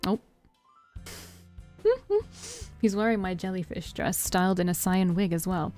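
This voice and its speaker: A woman's voice: on the low side, sing-song, unhurried, mellow. A woman streamer reading a dating-sim game's text aloud, voicing every part in her own voice and breaking off for joking asides. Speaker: let's-play streamer reading a visual novel aloud. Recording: faint game music behind.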